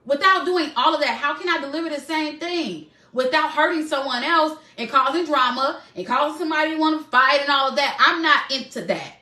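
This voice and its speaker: A woman's voice: high-pitched, fairly quick, hardly any pauses, sharp tone, roomy sound. A woman hosting a live stream, speaking candidly and emotionally to her viewers and calling them y'all.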